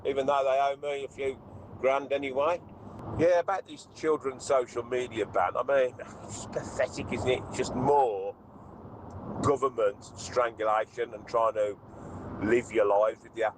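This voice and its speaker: A man's voice: medium pitch, fairly even intonation, moderate pace, noisy background. A middle-aged man, calling in to a radio show, blunt and exasperated. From Birmingham, England. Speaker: radio caller.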